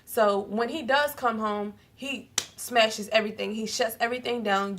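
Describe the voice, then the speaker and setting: Young woman, casual storytime vlog, lively and profane, pitched a bit high. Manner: animated, profane, quick to laugh. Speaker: vlogger.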